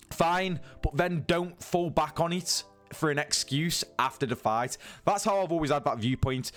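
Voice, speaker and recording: Man, fed-up rant, swearing, higher-pitched voice, faint music behind. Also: moderate pace. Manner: incredulous, exasperated, sweary. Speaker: MMA news YouTuber. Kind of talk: casual rant commentary.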